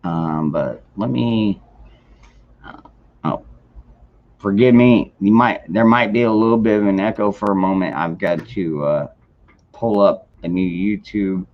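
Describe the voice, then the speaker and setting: Speaking a little slowly in a low voice, a livestream host rambles in a relaxed way late at night and says hello to chat viewers by name. The audio sounds dull and lo-fi.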